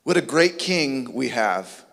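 A man's voice: mid-range voice, very animated, slow, creaky, a bit bright, long reverb tail. A man preaching a sermon with emphatic, rhetorical questions. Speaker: pastor.

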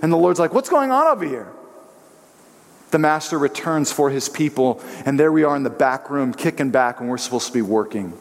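A man pastor preaching a sermon in a church, animated and joking as he tells personal stories. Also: mid-range voice, brisk, few pauses, big-room sound. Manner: animated, joking storyteller who slips into voices.

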